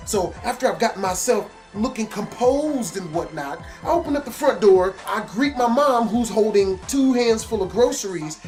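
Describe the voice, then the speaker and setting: Casual guy vlogging a comic story, super animated, keeps yelling then dropping low. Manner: animated, emphatic, swings between yelling and muttering.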